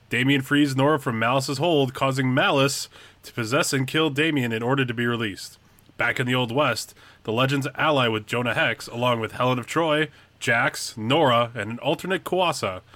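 A man's voice: mid-range voice, bright, forceful tone, no room sound. A man co-hosting a podcast, reading a recap aloud with small stumbles. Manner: halting, stumbles over words. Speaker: podcast co-host. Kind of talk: reading a recap, then casual chat.

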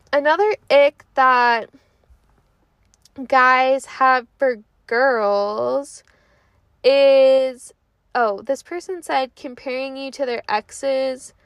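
A woman's voice: high-pitched, fairly bright tone, dry recording. A young woman in her twenties hosting a podcast, chatting casually and animatedly, with lots of "like" and unfinished thoughts. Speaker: podcast host. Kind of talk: casual chat.

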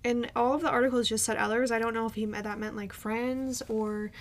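A woman co-hosting a podcast tells a story in casual chat, her slightly high voice brisk and level in tone. She rambles, with frequent ums and restarts.

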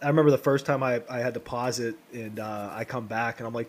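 A man's voice: mid-range voice, fairly even intonation, fast, slight background noise. A man co-hosting a podcast, retelling movie scenes casually, laughing often and acting out the characters' lines. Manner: laughs a lot, acts out lines in funny voices. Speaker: podcast co-host.

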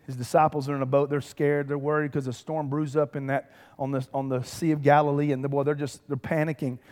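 A man preaches from the pulpit in a fairly high voice, rising into emphatic swells and turning to the congregation with direct calls. His voice carries a long reverb from the large sanctuary around him. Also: flat delivery, brisk, a little mellow. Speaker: pastor. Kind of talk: sermon. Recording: long reverb of a big hall.

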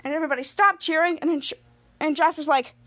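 High-voiced woman recapping a show. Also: steady tone, fast, bright, forceful tone. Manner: retells scenes with frequent restarts and quoted lines. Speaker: podcast host. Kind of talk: casual episode recap.

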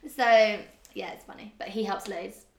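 A woman's voice: medium pitch, measured pace. A young woman in her twenties, chatting casually as a guest, bubbly and laughing as she tells stories. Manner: bubbly, laughing, animated storytelling. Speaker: guest, clothing designer. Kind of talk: casual chat. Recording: echoey room.

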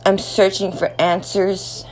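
A woman speaking slowly in an emotional personal monologue, grieving and tearful, often dropping to a near whisper. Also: mid-range voice, level tone, a little hiss or hum. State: tearful, in grief.

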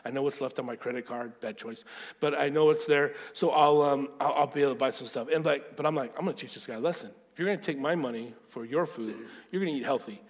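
A man preaching a sermon through lively personal stories, acting out the voices in them. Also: medium pitch, fast, in a large hall. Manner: animated storyteller, acting out quotes. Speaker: pastor. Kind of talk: storytelling sermon.

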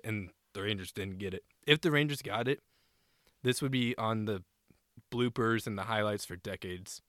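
A man co-hosting a casual sports podcast, animated and a bit profane, often acting out players' shouted lines. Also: lowish voice, normal speed, no echo, studio quality. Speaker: co-host.

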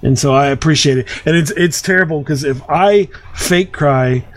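A man in his thirties hosts a casual podcast chat, telling stories in a rambling way full of restarts and fillers. His voice is on the high side and he speaks at normal speed.

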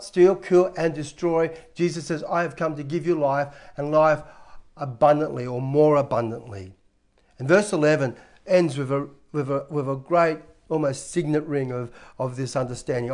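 A man's voice: a little high, a little mellow. A man, a pastor preaching a sermon in a conversational way with frequent restarts.

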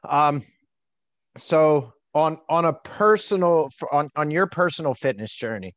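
A man's voice: a little high, lively intonation, unhurried, no echo. A man hosting a podcast in a casual way, swearing freely and restarting his sentences. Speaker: podcast host. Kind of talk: casual interview chat.

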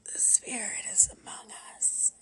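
A woman voicing a theatrical teen girl who channels a spirit in a raspy whisper, as whispered role-play in a read-aloud story. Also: low voice, moderate pace, a little mellow, slight background noise. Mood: eerie. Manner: theatrical, shrieking.

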